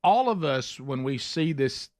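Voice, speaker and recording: A man's voice: mid-range voice, lively intonation, unhurried, darkish tone, dry recording. A man hosting a talk radio show, chatting casually and teasing his co-hosts between frequent "uh"s. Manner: hesitant, full of "uh", drifting into teasing. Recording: dry close studio mic.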